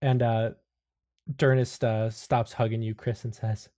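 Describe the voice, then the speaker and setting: A man's voice: mid-range voice, level tone, measured pace, dark tone. A man narrating as game master of a tabletop game, laughing often and jumping into character voices.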